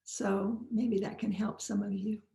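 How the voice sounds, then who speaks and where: Slow-spoken woman guiding posture exercises. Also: medium pitch, creaky, reverberant. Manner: slow, calm, encouraging cues. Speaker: posture teacher. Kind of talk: guided movement instruction.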